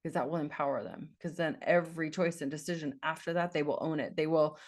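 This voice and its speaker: A woman's voice: low voice, fairly even intonation, fairly quick. A woman life coach giving an earnest, encouraging talk, repeating phrases for emphasis.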